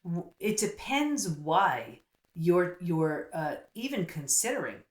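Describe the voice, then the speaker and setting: A woman's voice: fairly low pitch, very animated. A middle-aged woman, a psychologist guest, telling her story in an earnest, casual interview manner. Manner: earnest, storytelling, quick asides. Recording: roomy echo.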